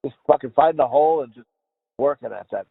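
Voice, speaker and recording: On this podcast, a male co-host speaks fairly quickly in a medium-pitched voice that's creaky and husky. His casual banter is crude, full of rambling jokes and frequent laughter, and the audio has no room sound but a thin, phone-like quality.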